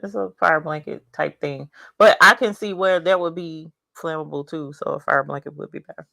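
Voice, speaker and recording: A woman's voice: sits low, moderate pace, gravelly, no room sound. A woman hosting a casual livestream from her home craft studio. She chats in a rambling way, greets viewers, reads out their comments and laughs often. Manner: animated, with bursts of laughter and cheering.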